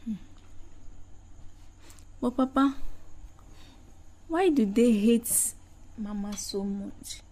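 A woman's voice: on the high side, very slow, long pauses, warm tone. A Nigerian woman acting as a young daughter who pleads and asks questions with care, in a film. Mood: questioning. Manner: pleading, consoling. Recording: film audio with faint music.

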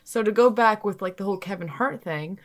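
A woman's voice: medium pitch, fairly quick. A woman co-hosting a movie podcast, thinking aloud with lots of likes and you-knows. She searches for words as she goes. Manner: filler-heavy, searching for words. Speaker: podcast co-host. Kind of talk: casual movie podcast chat.

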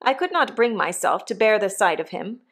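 Woman narrator, audiobook reading, measured pace, mid-pitched voice. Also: lively intonation. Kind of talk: scripted narration.

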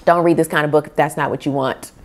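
A woman hosting a casual book vlog, reacting to reviews in an animated, opinionated way. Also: sits low, quick pace.

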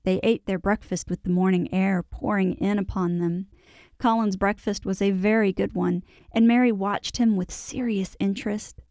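A woman narrating a classic children's novel in a measured, expressive storytelling voice. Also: mid-range voice, no echo, studio quality. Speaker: audiobook narrator. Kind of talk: scripted audiobook narration.

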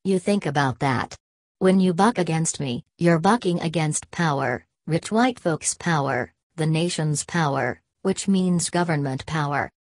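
A woman's voice: low-pitched, measured pace, no room sound. A woman reading a scornful old college president. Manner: lecturing, contemptuous, domineering. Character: imperious older male college president, scornful.

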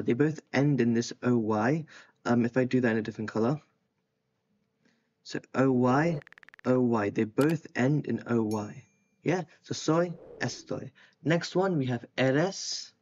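Young male tutor, casual lesson, loose and unscripted with plenty of ums, average pitch, slightly dull lo-fi sound. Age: young adult. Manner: relaxed, thinks aloud with frequent ums while writing. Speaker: Spanish tutor.

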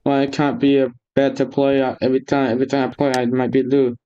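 Excitable young gamer man yelling at his game. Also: mid-range voice, quick pace, smooth, dull audio. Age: young adult. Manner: excitable, yelling and repeating words when losing. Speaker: gaming YouTuber. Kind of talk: casual gameplay commentary. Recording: faint background noise and clicks.

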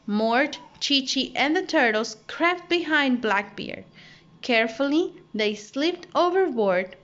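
A woman, a primary school teacher, reading a story aloud for story time in a slow, animated way. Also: sits high. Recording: dull lo-fi audio.

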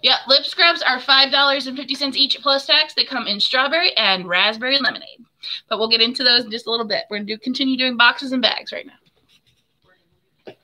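Bright, chatty woman hosting a live stream. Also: high voice, a little fast. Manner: chatty and friendly, addresses viewers as hon and my friend; laughs often. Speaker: soap maker hosting a live giveaway. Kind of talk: casual live stream chat.

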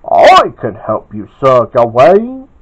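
A man voicing an excitable, mischievous boy who blurts out his lines eagerly. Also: mid-range voice, slow pace, lo-fi sound, full character voice.

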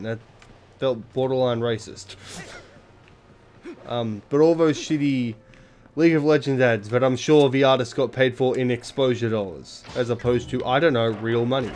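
A man's voice: mid-range voice, a little mellow. Rambling man, sweary gameplay commentary. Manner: rambling, self-deprecating, sweary. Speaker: let's play commentator.

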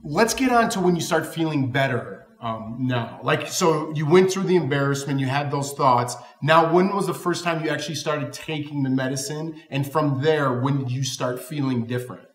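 A man's voice: on the high side, moderate pace, few pauses. A young man in a candid conversation with his wife, earnest and asking her follow-up questions. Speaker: co-host of a couples channel. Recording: echoey room.

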